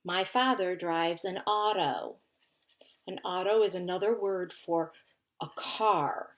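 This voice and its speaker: A woman's voice: on the low side, a little slow. A woman teacher giving a recorded phonics lesson to children, patiently sounding out and spelling words. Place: indoors at a whiteboard.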